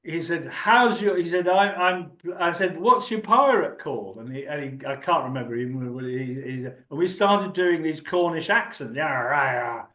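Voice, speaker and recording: Older man, chatty storyteller, somewhat raised pitch, roomy echo. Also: lively intonation, moderate pace, few pauses, sharp tone. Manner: chatty, rambling, laughs often. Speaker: actor and guest. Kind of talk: anecdotal storytelling.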